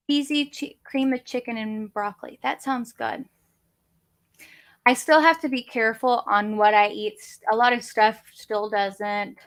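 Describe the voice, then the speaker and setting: A woman talks slowly and easily on a casual livestream from her home office. Her voice sits a little high, and she rambles and pokes fun at herself. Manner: rambling, chatty, self-deprecating. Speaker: crafting channel host.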